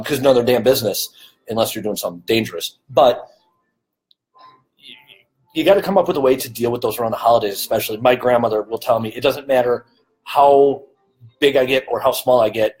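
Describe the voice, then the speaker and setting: A man's voice: mid-range voice, a little fast, darkish tone, rough recording. A man co-hosting a casual live-stream Q&A on dieting, blunt and informal, swearing freely and laughing often. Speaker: nutrition coach, co-host.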